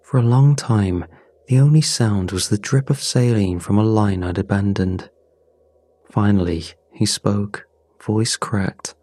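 A man narrating a scripted horror story in a measured, somber way. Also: fairly low pitch, mellow, dry recording.

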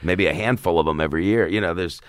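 Man, very deep voice, dry studio sound, casual rambling guest chat. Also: fast talker, smooth, dry recording. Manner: rambling, many fillers and restarts. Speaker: actor as guest.

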